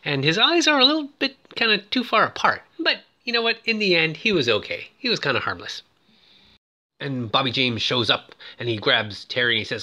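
Man, casual movie recap, chatty and excitable, swooping pitch. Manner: chatty and excitable, many fillers; puts on quick voices for characters. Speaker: film recap presenter.

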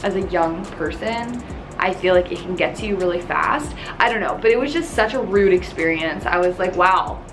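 A young woman YouTuber in a casual storytime chat, talking with lots of "like" and retelling events with animated energy. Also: fairly low pitch, a little fast, over music. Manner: chatty, filler-heavy with constant "like", animated retelling.

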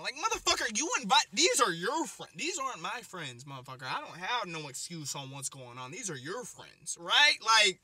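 A young man telling a comic story as a vlogger, animated and expressive, swinging between loud bursts and muttered asides. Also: high-pitched, normal speed, hardly any pauses, breathy edge. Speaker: comedian vlogger.

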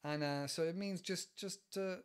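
A man's voice: sits high, moderate pace, clean tone. A man with an English West Country accent who hosts a casual podcast lesson, explaining idioms in a chatty, digressive way and laughing often. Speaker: English teacher and podcast host.

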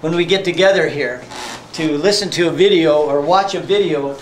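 High voiced pastor guy preaching, jokey, far off mic in a roomy church with some noise. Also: normal speed. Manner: folksy, joking, laughs often. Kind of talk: sermon. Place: church sanctuary.

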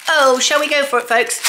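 Middle-aged woman, excitable sewing vlogger, noisy home room. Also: mid-range voice. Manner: gushing, excitable, talks to viewers as folks. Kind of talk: chatty unboxing vlog.

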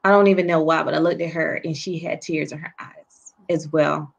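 A woman guest telling a painful personal story in an interview, speaking softly and haltingly with many pauses and restarts. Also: low-pitched, fairly even intonation, creaky, muffled recording. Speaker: guest author and poet.

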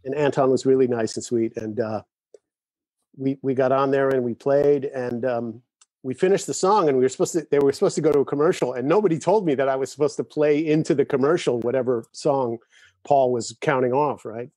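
A man's voice: mid-range voice, a little fast, darkish tone, no echo. A middle-aged man, a drummer guest, chatting casually over a video call and telling stories with frequent laughter. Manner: easygoing storyteller who laughs often.

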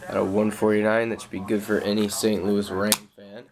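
A young man calmly listing off his trading cards in a casual showcase, with slang and frequent fillers. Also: on the low side, brisk. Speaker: card collector.

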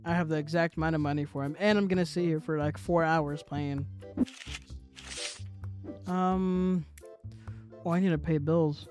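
A man's voice: fairly high pitch, fairly even intonation, moderate pace, pauses often, a little mellow, faint music behind. A man giving playful, joking commentary as he plays a video game, bantering with the customers in the game. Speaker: gaming video creator.

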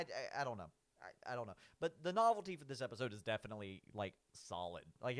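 Rating cartoon villains, a man offers casual, rambling commentary, repeatedly saying "like," restarting sentences and laughing at his own points. His pitch is medium.

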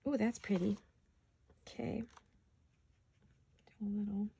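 A woman hosts a home crafting video, speaking a little slowly in a mid-range, level voice that is gravelly, mellow, and husky. She chats casually and talks to herself as she works, hiccuping along the way.

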